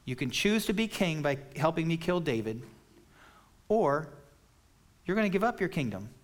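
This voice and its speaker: A man's voice: fairly high pitch, sing-song, normal speed. A man preaching an expository sermon, explaining scripture in a plain, conversational way. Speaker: pastor.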